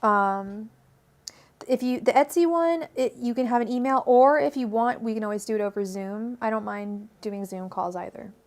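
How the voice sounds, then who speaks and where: Reading tarot on a casual livestream from her own home mic, a woman with a Californian accent rambles chattily, full of fillers, restarts and laughter. Her voice is a little high and darkish, at a moderate pace.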